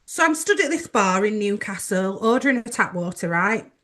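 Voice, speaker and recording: A woman's voice: medium pitch, expressive, moderate pace, fairly bright tone, a little hiss or hum. A woman co-hosting a podcast, telling anecdotes animatedly and laughing often. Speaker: podcast co-host. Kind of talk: casual chat, storytelling.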